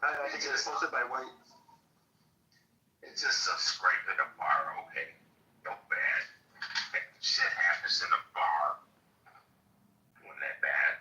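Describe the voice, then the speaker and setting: An older man calling in to a stream, talking in a blunt, offhand, gruff way. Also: low-pitched, very animated, slow, long pauses, bright, forceful tone. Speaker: caller. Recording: distant echoey lo-fi line.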